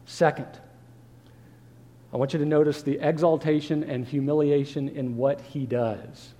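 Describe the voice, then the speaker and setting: A man's voice: on the high side, flat delivery, a little slow, warm tone, long reverb tail. A man preaching a sermon as pastor, earnest and full of rhetorical questions.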